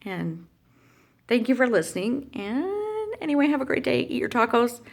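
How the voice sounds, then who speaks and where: A woman's voice: on the high side, animated, moderate pace, gravelly. A middle-aged woman telling a heartfelt personal story in a vlog, rambling and emotional, with many fillers and restarts. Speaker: vlogger.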